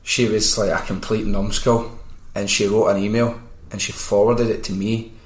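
A man with a Glaswegian accent who hosts a podcast, telling stories in casual, animated chat and swearing freely. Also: lowish voice, normal speed. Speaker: podcast host. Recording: roomy echo.

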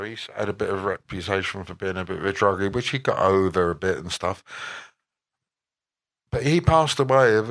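A man's voice: mid-range voice, fairly bright tone. Older male musician guest, wry and rambling, mid-range voice; casual Q&A answers. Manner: rambling, self-correcting, wry. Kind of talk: relaxed conversational Q&A answers.

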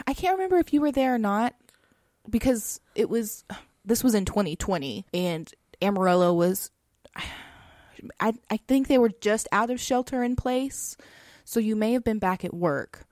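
A woman's voice: mid-range voice, animated, unhurried, no echo. A woman on a podcast, telling a story in easy, chatty talk, often dropping in "like" and small laughs. Her voice sits in the middle and sounds dry and close to the mic. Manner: chatty, frequent "like" and soft laughs. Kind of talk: casual storytelling.

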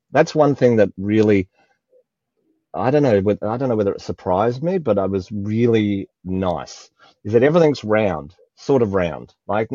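A man's voice: lowish voice, dark tone, dry recording, highs cut off. An Australian man talking emotionally in a spiritual conversation, often searching for words. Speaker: guest.

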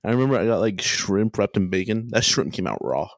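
Young male podcast co-host, lower register, dry close-mic sound, laughs easily and rambles. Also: very animated, fairly quick, dry recording. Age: young adult. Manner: laughs often, rambling restarts. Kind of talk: casual chat. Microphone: home mic, remote call.

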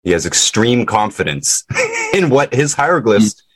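A man hosting a podcast interview, talking in animated bursts and laughing often. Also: medium pitch, unhurried, breathy edge, dry recording. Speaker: podcast host. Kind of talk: casual interview chat.

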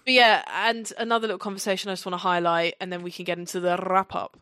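A woman co-hosting a podcast, chatting casually in a gushing, excitable way and sometimes reading from her notes. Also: lowish voice, fast talker, clean tone, no echo, studio quality. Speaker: podcast co-host. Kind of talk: casual fan chat.

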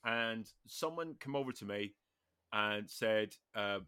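A man's voice: fairly low pitch, takes it slowly, bright, forceful tone, smooth. A man with a Northern Irish accent hosting a podcast, chatting casually with dry, joking asides. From Northern Ireland. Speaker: podcast host. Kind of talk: casual comedic chat.

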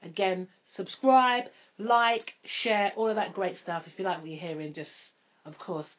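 A woman's voice: mid-range voice, fairly even intonation, a little slow. A woman co-hosting a podcast, casual and jokey, slipping into put-on voices. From London, England. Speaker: podcast co-host. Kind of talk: casual chat. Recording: dull lo-fi podcast recording.

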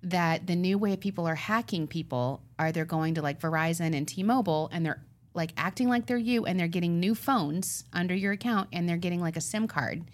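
Animated woman telling a story. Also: on the low side, brisk. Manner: animated retelling, acting out quoted voices. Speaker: podcast co-host. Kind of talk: casual chat, storytelling.

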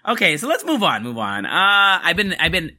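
Fuming, bright-voiced podcast host man. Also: high voice, sing-song, normal speed. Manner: angry, emphatic, swearing. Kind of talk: ranting podcast monologue.

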